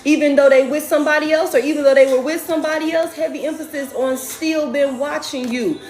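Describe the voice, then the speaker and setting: A woman giving a casual, profane tarot reading to her viewers, talking fast and laughing as she goes. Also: sits high, echoey room, soft background music. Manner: animated, profane, laughing, chatty. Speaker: tarot reader.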